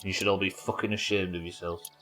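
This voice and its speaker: A man's voice: sits low, level tone, fast, pushed and bright, faint music behind. A young man from the UK doing chatty, sweary live commentary as he plays, talking to his chat. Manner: chatty, sweary, talks to chat while working. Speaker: streamer.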